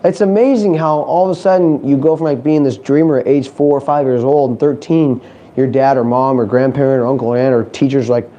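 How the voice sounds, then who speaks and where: Warm-voiced, animated motivational speaker man. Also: medium pitch, fairly quick, dull audio. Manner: animated, joking, asks the crowd questions. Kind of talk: live motivational talk to an audience. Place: conference hall stage.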